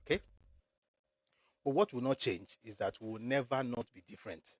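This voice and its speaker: A man's voice: medium pitch, normal speed, no room sound, clean studio sound. A man with a Nigerian accent delivering a blunt, emphatic political commentary monologue, repeating phrases for effect.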